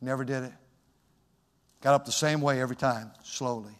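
A man preaching a fiery sermon as pastor, moving from hushed storytelling to shouted exhortation. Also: medium pitch, steady tone, moderate pace, big-room sound.

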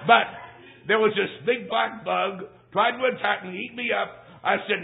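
A man preaching as a traveling evangelist at a church service, telling a humorous personal story, swinging between shouts and hushed asides. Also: sits high, steady tone, normal speed, vocal fry. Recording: tinny lo-fi phone-like recording.

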